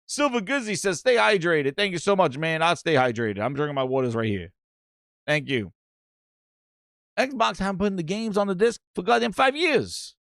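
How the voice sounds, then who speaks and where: Guy hosting a gaming show, swears a lot, voice jumps all over, high pitched. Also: moderate pace, creaky, no room sound, studio quality. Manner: animated, profane, reads chat aloud. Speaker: podcast host. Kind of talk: casual live-stream rant.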